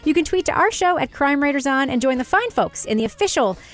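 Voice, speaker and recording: A woman's voice: high voice, expressive, fast talker. Wry laughing woman hosting a podcast. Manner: wry, laughs often, steers the talk with questions. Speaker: podcast host. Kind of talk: casual podcast chat.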